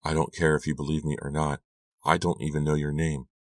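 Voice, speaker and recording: A cold, scheming teenage girl, read by a man with a very deep voice. She speaks softly and quietly, close to the mic in a dry, dead space. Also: level tone, fairly quick, dry recording. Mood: tearful. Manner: soft, quiet, mocking.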